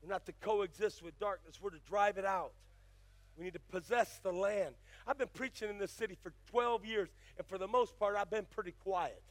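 An older male pastor preaching, moving from folksy storytelling into fiery, shouted exhortation. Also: high voice, moderate pace, dry recording. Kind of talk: sermon.

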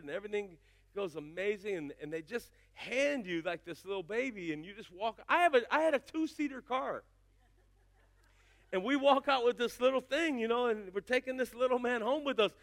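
High-voiced man preaching a lively sermon. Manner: animated storytelling with asides to the congregation. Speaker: pastor.

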